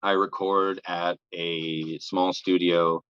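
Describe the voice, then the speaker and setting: A man's voice: low-pitched, level tone, takes it slowly, a bit bright, clean tone, no room sound, dull audio. A young man telling a casual, rambling story as an interview guest, sprinkling "like" and swearing throughout. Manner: rambling, heavy use of "like" and swearing.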